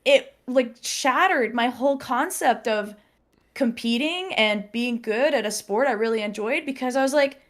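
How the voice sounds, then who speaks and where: Woman, casual podcast chat, higher pitch, animated, laughing, acting out quotes. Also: moderate pace.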